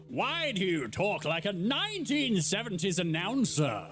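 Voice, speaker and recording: Excitable, joking streamer guy. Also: sits high, a little slow, faint music behind. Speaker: gaming streamer. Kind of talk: casual let's play commentary.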